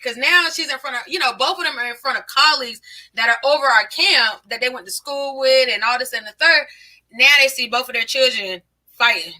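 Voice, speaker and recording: High, bright woman telling stories. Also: brisk. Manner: animated, laughs often, acts out quotes. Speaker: podcast guest. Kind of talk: casual family storytelling.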